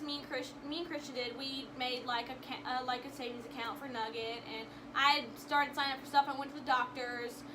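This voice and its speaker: A woman's voice: sits high, background noise. A young woman vlogger telling a personal story to camera in an emotional, rambling way, with frequent restarts.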